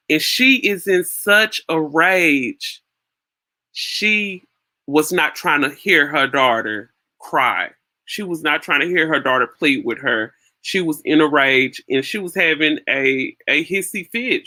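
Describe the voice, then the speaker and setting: A woman's voice: low voice, sharp tone. A woman hosting her own channel, giving casual spoken commentary on a video clip and often repeating words as she thinks aloud.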